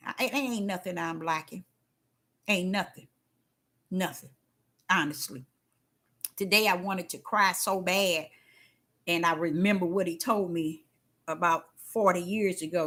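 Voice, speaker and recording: An older woman giving a casual spiritual testimony, folksy and emphatic, repeating herself and swinging between loud and hushed. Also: fairly low pitch, measured pace, long pauses. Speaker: faith talk host.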